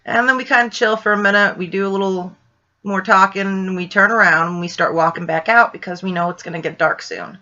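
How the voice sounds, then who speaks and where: A woman from Ohio tells a story in a loose, rambling way, leaning on "like" and "right?". Her voice is bright and forward. The recording is a little dull and lo-fi. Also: mid-range voice, fairly even intonation, a little fast. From Ohio, USA. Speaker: vlogger telling a paranormal story. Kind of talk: casual storytelling.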